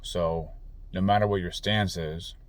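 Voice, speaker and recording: An American political commentator with a low voice and fairly even intonation speaks unhurriedly, with no echo. His angry, profane monologue rambles along and keeps restarting.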